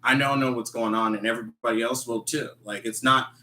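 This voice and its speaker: Guest voice: a man, bright and forceful, animated and indignant, recorded in an echoey room. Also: mid-range voice, brisk, slight background noise. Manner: animated, reads text messages aloud, indignant asides. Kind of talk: casual podcast talk.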